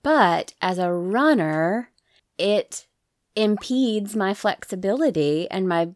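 A woman's voice: mid-range voice, expressive, slow pace, no echo, clean studio sound. Earnest, reflective woman interview guest. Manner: earnest and reflective, with restarts and soft laughs. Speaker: guest, burlesque performer and musician. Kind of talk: casual interview chat.

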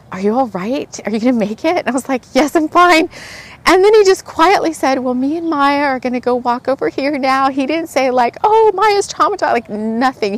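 A woman vlogger telling a rambling story in a chatty, casual way, laughing often and filling her talk with "like". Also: mid-range voice. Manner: chatty, laughs often, uses many fillers. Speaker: spiritual vlogger.

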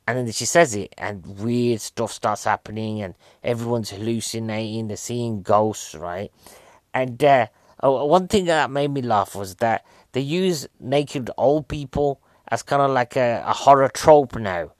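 A podcast host in his forties reviews a film in loose, casual chat, rambling, cracking jokes, and poking fun at himself. His medium-pitched voice is unhurried, captured in clean studio sound with no room ambience.

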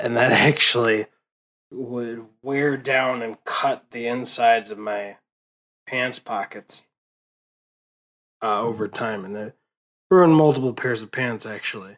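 Exhausted young man, slow unhurried talk, rambling and profane, lots of fillers. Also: mid-range voice, a bit bright, poor audio. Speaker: vlogger. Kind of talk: casual late-night monologue.

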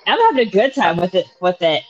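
A woman, a mother, chatting casually with her son, blunt and quick to swear. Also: mid-range voice, big pitch swings, no room sound, lo-fi sound. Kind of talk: casual chat.

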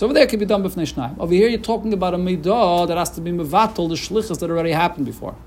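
Lively man teaching a Talmud lesson. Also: high voice. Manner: explanatory, lively, with Yeshivish Hebrew terms and restarts. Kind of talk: Talmud lecture.

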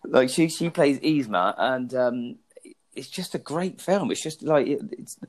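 A man's voice: medium pitch, expressive, measured pace. A man co-hosting a podcast, joking crudely and rambling through film plots. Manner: cheeky, crude jokes, rambling storytelling. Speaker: podcast co-host. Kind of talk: casual banter about films.

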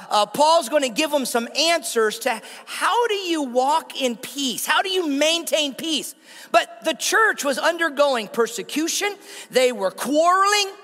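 A man's voice: very high voice, bright, forceful tone. A male pastor preaching a sermon, drawing out key phrases and calling the congregation to repeat them. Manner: call-and-response preaching, stretched emphatic phrases. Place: church. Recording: long hall reverb.

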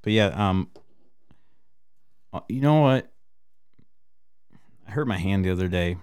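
A man hosting a podcast in loose, profane casual chat, laughing often and bursting with excitement. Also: low-pitched, unhurried, smooth. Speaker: podcast host.

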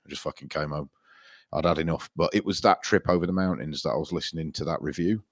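Podcast co-host: very low male voice, sweary rambler, dry close mic. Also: fast, no echo. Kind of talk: casual chat.

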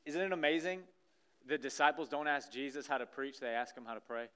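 A man preaching a sermon in a church, acting out scripture scenes with lively energy. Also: mid-range voice, fairly quick, clear, resonant tone. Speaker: pastor. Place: church sanctuary stage.

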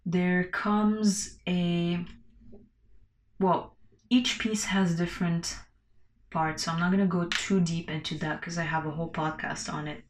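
A woman talking slowly and loosely on her own podcast, her voice sitting a little low. She rambles, swears freely and laughs between thoughts, and the room around her rings with a noticeable echo. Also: steady tone, a little hiss or hum. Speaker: podcast host. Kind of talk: casual solo podcast monologue.

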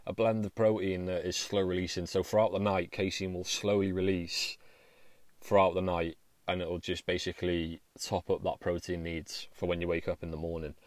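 Sitting low in pitch with a level tone, a man hosts his own podcast at a moderate pace, recorded dry. The solo monologue is laid-back and rambling, full of restarts and casual swearing.

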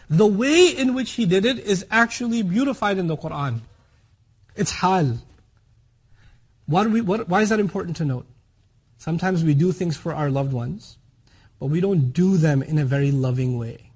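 A man teaching a religious lecture on scripture, explaining lively and acting out little scenes, often checking in with rhetorical questions. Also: high voice, brisk, slightly rough. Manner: animated, explanatory, acts out quotes, asks rhetorical questions. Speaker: Quran teacher.

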